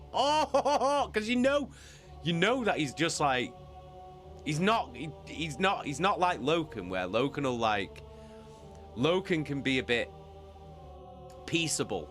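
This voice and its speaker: A young man talks casually to his live-stream viewers, swearing freely and breaking into laughter. His voice swings widely in pitch and has a bright, forceful edge. Faint music plays underneath. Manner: excitable, swears a lot, laughs often. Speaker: streamer reading a novel with chat.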